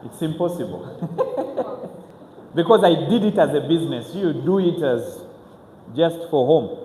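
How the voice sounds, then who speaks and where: A man, telling his own story to an audience as a motivational speaker, earnest and halting, with frequent restarts. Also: on the high side, expressive, mellow, a little hiss or hum. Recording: echoey hall with faint ambience.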